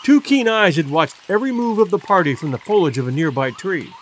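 A male audiobook narrator reading a classic adventure in a measured, expressive way. His voice is fairly high and lively in pitch. Faint hiss sits behind him. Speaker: audiobook reader. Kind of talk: scripted narration.

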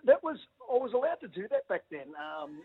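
Excitable man on a phone line. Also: high-pitched, fairly quick, breathy edge. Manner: excitable, stammering restarts, says mate a lot. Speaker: former rugby league player, guest. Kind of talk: casual radio phone interview.

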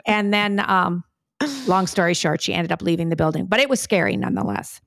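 A woman co-hosting a casual family podcast, telling stories in a chatty, animated way. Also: on the low side, brisk, creaky, no room sound, studio quality. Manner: chatty storyteller, animated retelling. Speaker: podcast co-host, mother. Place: New York City.

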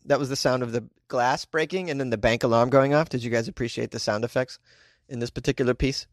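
A man's voice: medium pitch, steady tone, quick pace, no room sound, studio quality. Wisecracking man riffing on the news. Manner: wisecracking, laughs often, riffing asides. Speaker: podcast host. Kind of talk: comedic news commentary.

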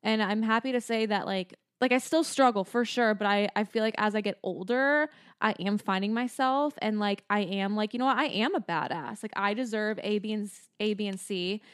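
A woman's voice: mid-range voice, brisk, clear, resonant tone, no room sound, clean studio sound. A woman co-hosting a podcast in casual chat, speaking candidly with many fillers. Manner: candid, confiding, filler-heavy talk. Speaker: podcast co-host.

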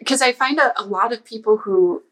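A woman guest on a podcast, telling lively stories in casual conversation and acting out the dialogue as she goes. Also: fairly high pitch, a little fast, poor audio. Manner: lively anecdotes, acts out quoted dialogue. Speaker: podcast guest, security author. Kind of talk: casual storytelling interview. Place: lives in a Canadian province.

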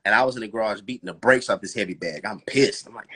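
A man talks about faith and relationships with the fervent rhythm of a preacher, firing off rhetorical questions. His voice is bright and forward, with a husky edge. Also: mid-range voice, fast, few pauses. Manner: laughs and addresses listeners as bro, girl. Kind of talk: preachy podcast conversation.

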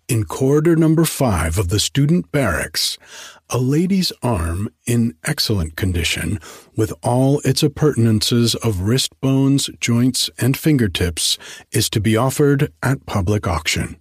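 A man's voice: mid-range voice, animated, unhurried, breathy edge, dry recording, clean studio sound, voice pushed up. A man voicing a young male student who plays a whining, mock-solemn auctioneer. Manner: whining mock-official announcing.

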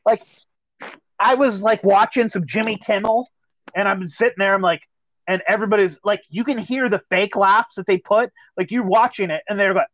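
A man co-hosting a casual podcast chat, telling stories in a profane, animated way. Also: high voice, moderate pace, low-quality recording. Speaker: podcast co-host.

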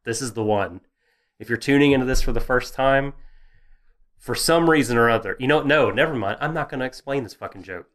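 A man's voice: mid-range voice, fairly quick, fairly bright tone. Rambling man co-hosting a podcast. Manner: rambling, self-deprecating, many fillers and restarts. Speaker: podcast co-host. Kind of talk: casual anime discussion chat.

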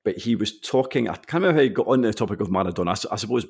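Scottish man, husky low voice, podcast co-host, animated storyteller. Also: rapid-fire. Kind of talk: casual podcast chat.

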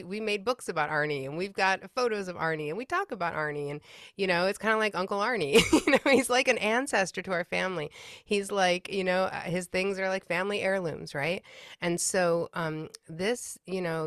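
A woman's voice: fairly low pitch, a bit bright, clear, resonant tone, no room sound, clean studio sound. A woman working as a grief counselor, telling a personal story in an earnest, reflective way as an interview guest. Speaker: pet loss grief counselor.

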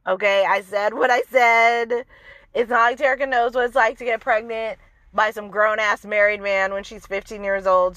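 Woman, fairly high-pitched, dry sound, opinionated, profane, casual recap chat. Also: bright, forceful tone, dry recording. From outside the American South. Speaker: TV recap host.

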